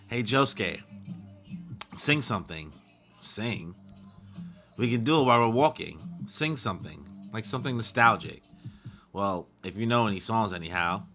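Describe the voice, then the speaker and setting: A man's voice: on the low side, expressive, unhurried, pauses often, bright, forceful tone, soft background music. A man reading a manga aloud live and reacting with slangy asides, as the regular host of his channel.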